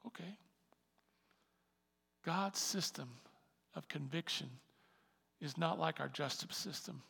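A male pastor preaches in a large hall with a long echo. His voice sits a bit high and carries a gravelly edge. He moves from soft, close asides to loud, fervent emphasis. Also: unhurried. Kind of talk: sermon.

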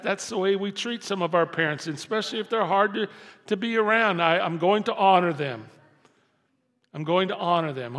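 An older man preaching a sermon as pastor, dropping to soft intimate lows and rising to loud emphatic lines. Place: church sanctuary. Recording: long hall reverb.

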